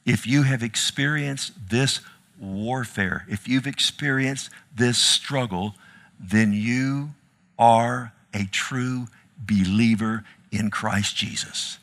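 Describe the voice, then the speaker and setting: Bright-voiced impassioned male preacher. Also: slow. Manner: impassioned, swings from loud rising cries to low hushed pleading; addresses listeners as "loved one". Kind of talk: sermon.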